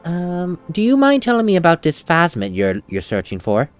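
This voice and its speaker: A man's voice: fairly high pitch, huge pitch swings, normal speed, clean tone, soft background music. A young man playing a video game, chatting and giggling while reading lines aloud. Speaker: let's play gamer. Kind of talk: casual game commentary.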